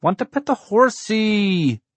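A man voicing an excitable, stubborn four-year-old boy in an audiobook, yelling and whining. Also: moderate pace, gravelly, slightly rough, no room sound. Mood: demanding. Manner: shrill whiny yelling.

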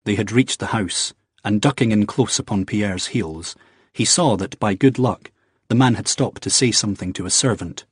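A male narrator reads the story in a steady, even way. His voice is low and husky, and the recording is dry and close with no room sound. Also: moderate pace, dry recording. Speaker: audiobook narrator. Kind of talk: scripted narration.

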